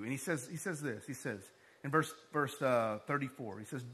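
Bright-voiced pastor giving a sermon. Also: male voice, mid-range voice, a little fast, husky. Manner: conversational storytelling, animated when excited.

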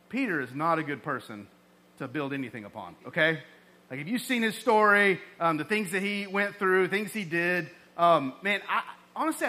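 Pastor, male, high bright voice, conversational sermon delivery with lively emphasis. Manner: conversational preaching, animated emphasis.

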